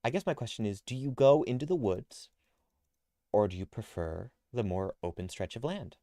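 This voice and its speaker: A man running a tabletop game as game master, setting scenes in a relaxed, rambling way. His voice is mid-pitched and recorded close and dry. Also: moderate pace, no room sound. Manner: relaxed, loose, with many fillers.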